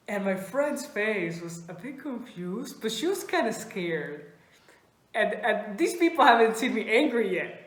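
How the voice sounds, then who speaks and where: A woman doing stand-up, telling a story in an animated way and laughing often. Her first language is Spanish. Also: medium pitch, measured pace, heavy reverb, poor audio. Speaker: stand-up comedian. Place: comedy club stage.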